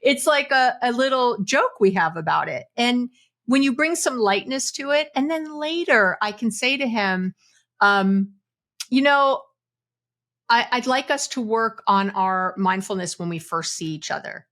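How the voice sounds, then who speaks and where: A woman psychologist, a guest on a podcast, giving relationship advice in an animated way, acting out little quoted lines and laughing often. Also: on the high side, measured pace.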